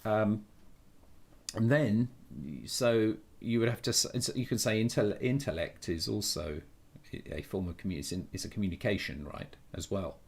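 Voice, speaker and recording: Speaking at normal speed in a fairly low, steady voice with a breathy edge, a man chats casually on a live stream. His thoughts come out unfiltered and blunt, with frequent restarts and corrections along the way.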